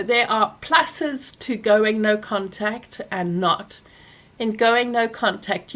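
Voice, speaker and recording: A woman, hosting a live Q&A and telling a personal story, animated when she acts out what others said. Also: lowish voice. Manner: animated when acting out quoted people. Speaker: workshop host answering questions.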